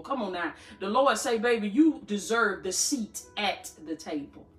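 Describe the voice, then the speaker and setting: A woman's voice: on the high side, reverberant. A woman preaching a sermon in a fervent, rhythmic style, repeating phrases and calling her listeners "baby" in casual speech. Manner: colloquial, calls listeners "baby". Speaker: preacher and podcast host. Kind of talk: live-streamed sermon.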